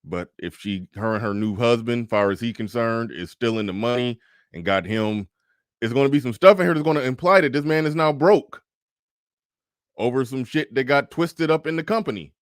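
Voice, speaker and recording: A commentary host with a medium-pitched voice speaks at a moderate pace in a dry, studio-quality recording. His reaction commentary is casual and profane, and he reads posts aloud in changing voices.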